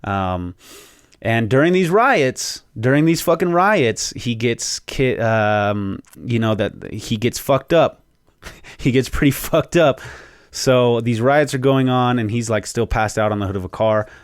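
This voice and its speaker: Low-voiced man excitedly recapping a movie. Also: measured pace, clean tone, no room sound, studio quality. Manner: excited storytelling with frequent swearing; rambling, with fillers and restarts. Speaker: podcast host. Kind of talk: casual movie spoiler recap.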